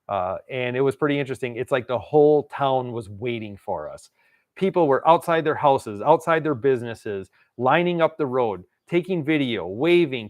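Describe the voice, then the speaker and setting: A man from Wisconsin with a medium-pitched voice hosts his own channel, recorded clean in a studio with no room sound. He rambles through a long, casual story, laughing often and acting out the quotes.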